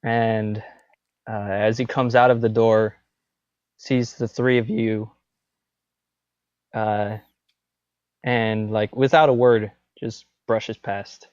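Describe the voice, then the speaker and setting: A man's voice: lowish voice, level tone, slow, pauses often, a little mellow, smooth, dry recording, dull audio. A man narrating as a tabletop game master in a loose style, full of fillers like "um" and "like".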